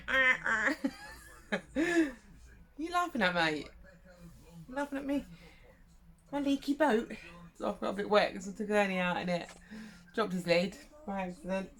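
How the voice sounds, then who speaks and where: A woman chatting casually to camera from inside a narrowboat, rambling from one worry to the next. She laughs often and talks in an easy, middle-pitched voice. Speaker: vlogger host.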